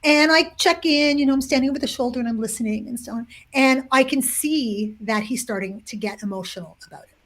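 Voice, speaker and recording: A woman author, the interview guest, telling a long story in an animated way, with many restarts and fillers. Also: sits high, fairly quick.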